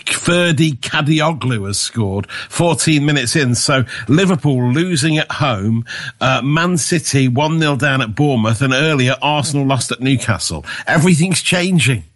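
A male radio co-host in casual banter, easygoing and quick to chuckle. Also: mid-range voice, expressive, fairly bright tone.

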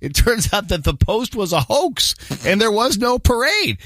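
A man's voice: high-pitched, big pitch swings, normal speed, fairly bright tone, dry recording. A man reading light news stories in a jokey, casual morning-show chat. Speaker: news segment co-host.

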